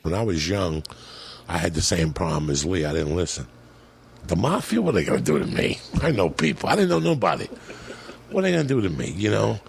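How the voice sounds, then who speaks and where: Gravelly, profane middle-aged male comedian. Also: deep voice, brisk. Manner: profane, animated storyteller doing voices. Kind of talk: storytelling on a podcast.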